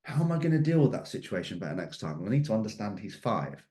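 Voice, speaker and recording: A man's voice: on the low side, sing-song, fast, warm tone. A middle-aged man giving a motivational mindset talk, emphatic and fond of repeated questions. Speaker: mindset coach. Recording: echoey room.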